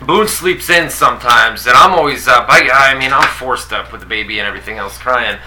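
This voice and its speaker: A man's voice: medium pitch, a little fast, background noise. A man with a New York accent co-hosting a casual wrestling podcast, talking loosely with lots of fillers. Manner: loose, rambling, many fillers. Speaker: podcast co-host.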